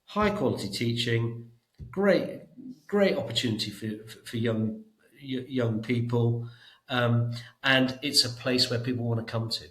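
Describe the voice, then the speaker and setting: A man's voice: medium pitch, unhurried, reverberant, rough recording. A middle-aged man talking emphatically in a podcast interview as a guest, often repeating words as he thinks. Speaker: education trust chief executive, guest.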